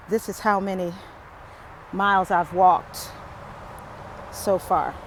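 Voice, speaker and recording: A woman's voice: on the low side, fairly even intonation, slow pace, slight background noise. A woman chatting to her viewers with humor as she walks a wooded lakeside trail, filming on a handheld phone. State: out of breath. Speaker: vlogger. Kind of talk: casual vlog chat while walking.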